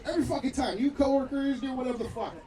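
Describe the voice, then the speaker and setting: A man doing a crude, loud stand-up set at an outdoor backyard show, telling a story with acted-out quotes. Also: very high-pitched, very fast. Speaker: stand-up comedian. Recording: distant mic, crowd noise. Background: laughing crowd.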